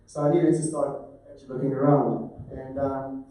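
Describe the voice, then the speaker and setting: A middle-aged man from South Africa with a South African accent, giving a conference talk as a farmer, halting with many fillers and restarts. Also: medium pitch, little pitch movement, dark tone. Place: large conference hall. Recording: echoey hall, mic at a distance.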